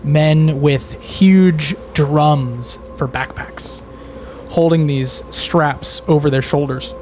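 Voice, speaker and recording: A man's voice: on the high side, steady tone, slow, a little mellow, faint music behind. A man narrating a tabletop game as game master, in a loose, conversational way with fillers.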